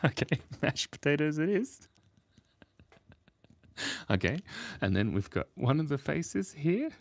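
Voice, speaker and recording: A man chatting casually while he draws on a live stream, playful and rambling, laughing often at his own jokes. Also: sits low. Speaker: streamer drawing for chat.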